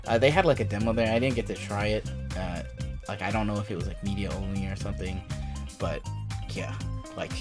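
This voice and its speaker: A young man hosting a casual chat, telling a story in an animated, swearing way and laughing often. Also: lowish voice, fairly quick. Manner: animated, profane, laughs while telling stories. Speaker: channel host. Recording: background music playing.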